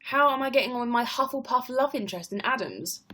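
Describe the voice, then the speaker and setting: A young woman with a British accent talks into her webcam at home, hosting a relaxed live stream. She rambles from thought to thought and laughs easily. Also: on the high side, quick pace. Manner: chatty, rambling, laughs often. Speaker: livestream host. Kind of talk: casual live-stream chat.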